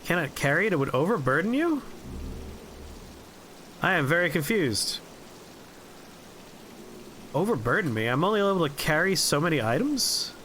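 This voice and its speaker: A man streaming a game, rambling through profane, relaxed anecdotes as he plays. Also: on the high side, normal speed, long pauses, slight background noise. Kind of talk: casual gameplay commentary and storytelling.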